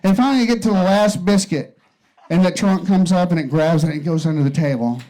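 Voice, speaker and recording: A man doing his first stand-up set, telling a long, profane joke with deliberate pauses. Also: high-pitched, warm tone, poor audio. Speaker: stand-up comedian.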